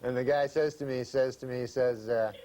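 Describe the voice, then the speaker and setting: A man in his thirties, a talk show guest, telling a comic story in a dry, halting way with many fillers. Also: medium pitch, steady tone, noisy background. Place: TV studio with audience.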